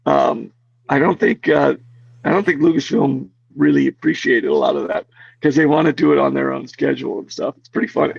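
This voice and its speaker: A man with a raspy, fry-laced voice chats as an interview guest. He rambles restlessly from one story to the next, full of fillers and false starts. The sound is dry and muffled, with no room around it. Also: medium pitch, fairly quick, no echo. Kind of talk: casual chat.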